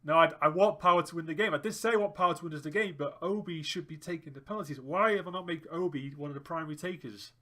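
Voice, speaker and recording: A man's voice: a little high, fast talker, few pauses, bright, forceful tone. A young man commentating his own football management game, groaning and cheering as the match plays out. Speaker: gaming YouTuber. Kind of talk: let's play commentary.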